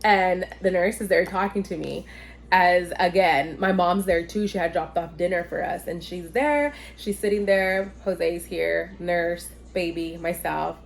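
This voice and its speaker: A woman's voice: fairly low pitch, unhurried, vocal fry. A woman telling a casual storytime vlog. She talks animatedly, swears freely and acts out what other people said. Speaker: vlogger telling her birth story.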